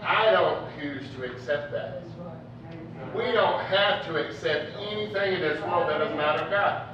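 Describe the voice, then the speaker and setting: Man preacher, high bright voice, folksy joking sermon, booming echo, heard from afar. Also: measured pace, background noise. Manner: conversational, joking, storytelling. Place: church hall. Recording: echoey, distant, dull church recording.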